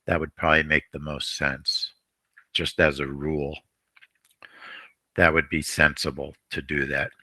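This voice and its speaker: Slow, deep-voiced man coaching traders. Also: little pitch movement, bright, forceful tone, dry recording. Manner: rambling, repeats phrases, frequent throat clearing. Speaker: trading stream host. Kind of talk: live trading commentary.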